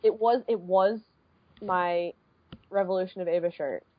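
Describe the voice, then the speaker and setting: A young woman in her twenties, co-hosting a podcast and telling a story in casual chat, animated and peppered with swearing and fillers. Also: fairly low pitch, measured pace, no echo. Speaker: podcast co-host. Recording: dull lo-fi podcast audio.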